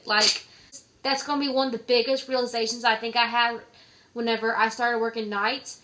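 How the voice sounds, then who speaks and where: A woman's voice: on the high side, steady tone, normal speed, pushed and bright. A young adult woman talking to camera in a chatty way, with many filler "likes", while giving advice. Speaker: vlogger. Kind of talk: casual advice vlog.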